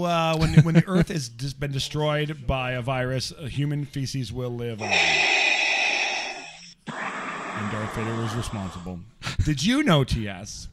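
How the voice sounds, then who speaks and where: A man hosting a casual podcast in a mid-pitched voice, loose and jokey. He swears freely and banters easily with his co-host. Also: slight background noise.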